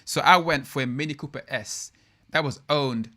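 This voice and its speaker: A man's voice: medium pitch, normal speed, pushed and bright. A young man hosting a casual live stream, chatting loosely and reading out viewer comments. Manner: slangy, loose and chatty with many fillers.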